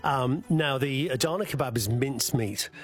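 A man's voice: medium pitch, normal speed, faint music behind. A man speaking as a guest chef on a radio cooking segment, rambling and hesitant with many fillers. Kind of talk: casual radio cooking chat.

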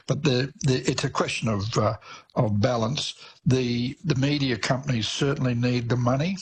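Halting man, faint line hiss. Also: mid-range voice, steady tone. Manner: halting, many uh fillers and restarts. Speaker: guest commentator. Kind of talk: radio phone-in commentary.

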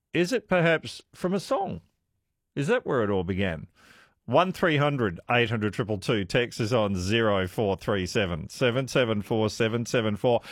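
A man hosts a talkback radio show in a chatty, musing way. His pitch swings freely as he talks. The studio sound is close and dry. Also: dry recording. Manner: lively, chatty, musing questions aloud. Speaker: radio host.

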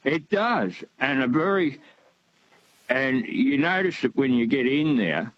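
A man's voice: medium pitch, animated, slow. Older man rambling on a phone line. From Australia. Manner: rambling, hesitant with many fillers. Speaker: caller. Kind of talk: phone-in call.

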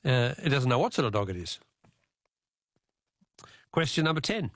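An Australian man hosting a talkback radio quiz, chatty and quick to laugh, repeating his question to callers. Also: medium pitch, animated, fairly bright tone, no room sound, clean studio sound. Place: radio studio. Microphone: studio mic.

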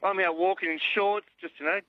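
Older Australian man, quick easygoing caller, raised voice, lo-fi payphone line. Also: high-pitched, fairly even intonation, no echo. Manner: easygoing, says mate constantly. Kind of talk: casual phone-in chat. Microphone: public payphone. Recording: muffled lo-fi phone line.

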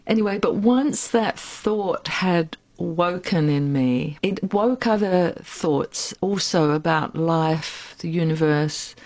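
A woman in her sixties, an interview guest telling her life story in a frank, reflective and unhurried way. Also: on the low side, a little mellow. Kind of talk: candid personal storytelling.

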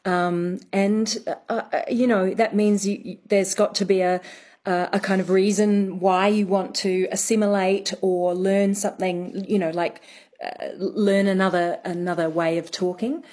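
A woman who is a guest expert on a radio show, explaining carefully. She thinks aloud and pauses often with fillers. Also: mid-range voice, little pitch movement, darkish tone. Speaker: studio guest, speech expert.

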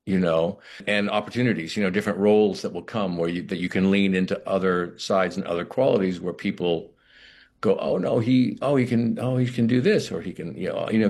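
A middle-aged man, an actor, talking reflectively in an interview, often restarting his sentences. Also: fairly low pitch. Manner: reflective, halting with many restarts. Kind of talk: interview conversation.

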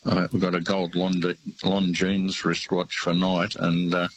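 Deep-voiced older Australian man, rambling. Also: completely flat delivery, a little hiss or hum, poor audio. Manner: halting, rambling storyteller with many fillers. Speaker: radio caller. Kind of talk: casual phone-in chat.

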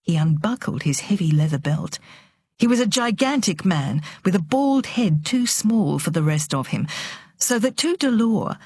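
A woman reading a novel aloud on radio with expressive, dramatic narration. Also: lowish voice, husky. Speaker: book reader on radio.

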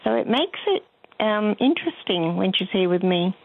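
A woman's voice: mid-range voice, very animated, moderate pace, gravelly. An older woman, calling in to a radio show and telling a rambling, chatty story. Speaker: caller. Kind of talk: phone-in chat. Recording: tinny phone line.

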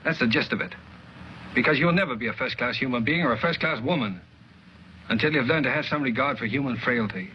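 Casting note: cold, cutting man, played by a film actor, clipped Mid-Atlantic accent, mid-pitched, old muffled film audio. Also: brisk, lightly acted. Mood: scolding. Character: proud man rebuking a woman, cutting and cold. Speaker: film actor in archive clip. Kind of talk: 1940s film acting. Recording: dull old film soundtrack with faint hiss.

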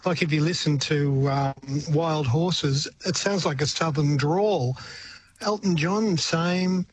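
Casting: older male musician, slightly high voice, rambling, faint noise behind. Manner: rambling, halting, restarts thoughts. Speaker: musician guest. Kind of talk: casual radio interview.

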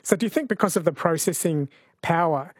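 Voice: mid-range voice, lively intonation, brisk, no room sound. A radio host, asking playful questions in an interview.

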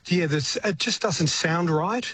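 A man's voice: fairly high pitch, measured pace, fairly bright tone, slight background noise. An older man with an Australian accent, a retired singer-songwriter speaking as a radio interview guest, reflective and rambling, with frequent restarts.

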